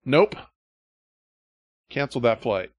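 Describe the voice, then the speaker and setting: A man hosts a podcast and tells stories loosely, with plenty of swearing. His pitch leaps around constantly as he acts out other people's lines. The sound is close and dry, with no room echo. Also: very animated, slow, lo-fi sound. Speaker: podcast host. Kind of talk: casual storytelling chat.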